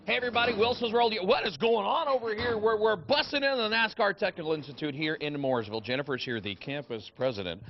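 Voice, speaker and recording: A man reporting live for a morning TV show from a training shop, energetic and exclamatory as he interviews a guest. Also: high-pitched, quick pace, few pauses, lo-fi sound, a little hiss or hum.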